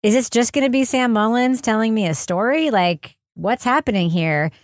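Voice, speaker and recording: A chatty woman hosting a podcast panel, her voice sitting a little high and often breaking into laughter mid-sentence. The sound is dry and close, with hardly any room around it. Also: normal speed, no echo. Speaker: podcast host. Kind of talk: casual panel chat.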